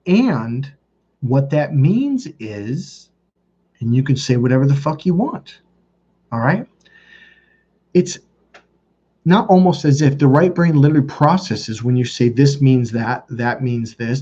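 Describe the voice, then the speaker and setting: A man's voice: mid-range voice, warm tone, husky. A middle-aged man, a dating coach, telling a story in casual, rambling talk, swearing freely and acting out the voices of the people in it. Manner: profane, rambling, acts out quoted voices. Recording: dull lo-fi sound.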